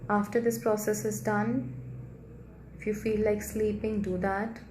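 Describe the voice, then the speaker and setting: A woman leads a guided healing meditation in a soft, gentle voice, moving slowly and repeating her phrases. Her voice carries a noticeable room echo, with a faint hiss underneath. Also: medium pitch, level tone. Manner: soft, gentle, slow and repetitive.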